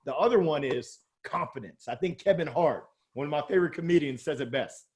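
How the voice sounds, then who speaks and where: A man speaking as an interview guest about sales, lively and joking, with strong emphasis. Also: a little high, fairly quick. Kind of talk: energetic motivational interview talk.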